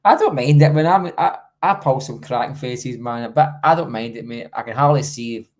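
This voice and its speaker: A man's voice: medium pitch, moderate pace. A Scottish man joining a podcast over a video call as its regular guest, jokey and self-mocking, rambling as he talks. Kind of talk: casual podcast chat.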